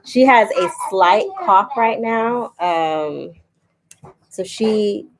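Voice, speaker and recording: A young woman talks casually to her viewers in a family vlog. She tells stories playfully, with lively jumps in her delivery. Her pitch sits in an ordinary middle range. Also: extremely slow. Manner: animated, playful storytelling. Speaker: vlog co-host.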